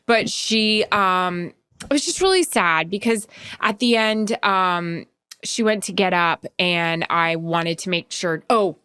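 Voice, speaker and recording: A woman's voice: on the low side, slow, smooth, dry recording, clean studio sound. A woman co-hosting a podcast, telling a story in a casual chat and acting out the voices of other people. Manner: animated, acts out other people's lines. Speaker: podcast co-host.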